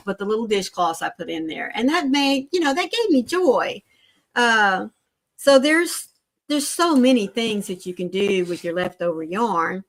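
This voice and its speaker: An older woman with a mid-range voice hosts a casual crochet livestream. She chats warmly with viewers and greets them by name.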